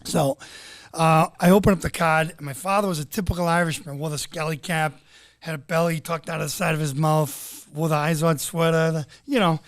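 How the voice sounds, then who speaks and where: A man in his forties, a comedian and impressionist, telling stories in energetic, animated casual chat. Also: a little high, brisk, no echo, clean studio sound. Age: 40s. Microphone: studio mic.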